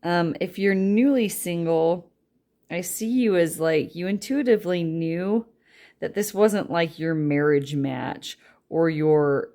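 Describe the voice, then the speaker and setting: A woman's voice: fairly low pitch, slow pace, warm tone. A woman giving a casual tarot reading, chatty and rambling, with a light Southern drawl that slips in. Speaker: tarot reader.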